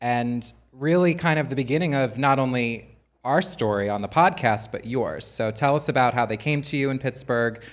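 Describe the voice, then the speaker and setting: A man's voice: mid-range voice, moderate pace. Male podcast co-host, upbeat and eager, live-stage interviewer. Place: sports bar, live show.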